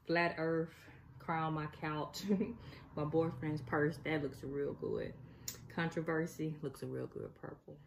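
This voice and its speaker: A woman's voice: deep voice, flat delivery, slow, creaky, noisy background. Gushing, laughing woman unboxing on her phone. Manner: gushing, laughing, teasing, repeats herself. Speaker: vlogger unboxing makeup. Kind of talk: casual excited unboxing chat. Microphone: phone camera.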